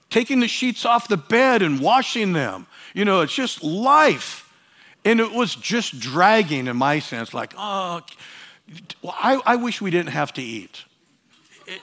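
High-voiced man preaching a sermon. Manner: emphatic, swings between loud urging and quiet asides; repeats phrases for emphasis. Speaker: pastor.

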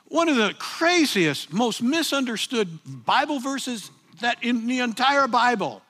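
High, lively-voiced male preacher. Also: a little slow. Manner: swings between quiet intensity and loud emphatic bursts; addresses listeners as "guys". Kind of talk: sermon.

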